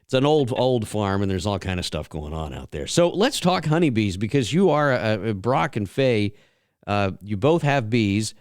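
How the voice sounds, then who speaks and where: A man's voice: on the low side, expressive, moderate pace, darkish tone, dry recording, clean studio sound. A middle-aged man hosting a casual farm radio chat, rambling through folksy stories with plenty of fillers. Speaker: radio show host.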